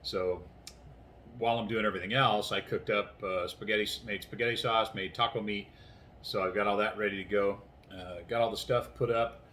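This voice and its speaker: A man's voice: on the low side, fairly even intonation, moderate pace, fairly bright tone, a little hiss or hum. A tired man in his sixties, rambling through a casual vlog story indoors at home and acting out the conversations. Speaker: vlogger. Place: inside his house, doors closed.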